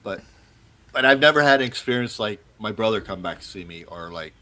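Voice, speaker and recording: Relaxed man telling ghost stories. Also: fairly low pitch, brisk. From South Florida. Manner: relaxed, conversational storytelling. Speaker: paranormal investigator. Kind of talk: casual chat.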